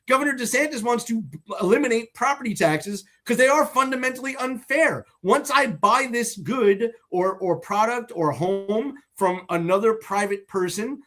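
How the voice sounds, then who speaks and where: A man's voice: high-pitched, fairly bright tone. Blunt, profane male co-host. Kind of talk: political talk show banter.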